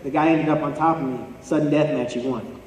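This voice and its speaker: A man's voice: on the high side, steady tone, brisk, a little mellow, slight background noise. A young man giving a motivational talk to an audience, telling a personal story earnestly with touches of self-deprecating humor. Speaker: motivational speaker. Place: large hall before an audience. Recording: echoey hall recorded from far off.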